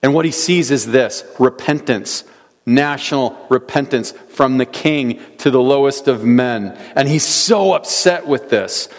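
Male pastor, mid-pitched, earnest sermon delivery, long church reverb. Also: a little slow. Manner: earnest preaching, reading scripture aloud with rhetorical questions. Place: church sanctuary.

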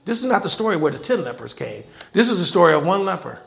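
High, gravelly-voiced preacher in echoey room. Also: male voice, quick pace. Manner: animated preaching with rhetorical questions and repeated phrases; folksy Southern American church phrasing. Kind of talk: sermon. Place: church.

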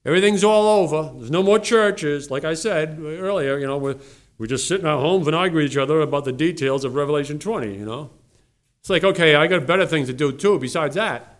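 A man who is a pastor, preaching a sermon in a church and swinging between loud emphasis and low, mocking asides. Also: fairly quick.

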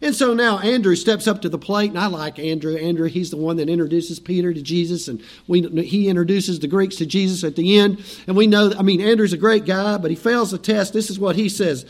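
A man's voice: high voice, fairly quick, hardly any pauses. A middle-aged male pastor preaching a sermon in a conversational, storytelling way, acting out the lines of biblical figures.

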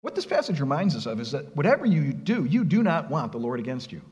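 A man's voice: fairly high pitch, sing-song, fast, darkish tone, big-room sound, dull audio. A middle-aged man preaching a sermon, earnest and emphatic, asking the congregation rhetorical questions. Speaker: pastor.

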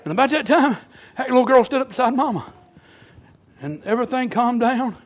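High-voiced preacher, fervent. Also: male voice, animated, a little fast. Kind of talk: revival sermon. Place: church sanctuary.

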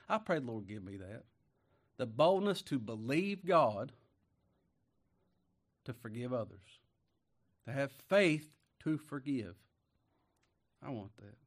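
A man preaching a sermon, folksy and emphatic, rising to loud declamation when he reads scripture. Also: medium pitch.

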